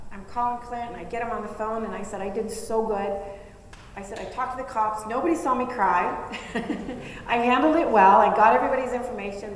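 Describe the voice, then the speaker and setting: A woman recounting a personal story at a live event, chatty and self-mocking. The sound is very echoey with a long hall reverb and a faint noise beneath. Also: fairly high pitch. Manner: chatty, self-mocking, laughs while telling.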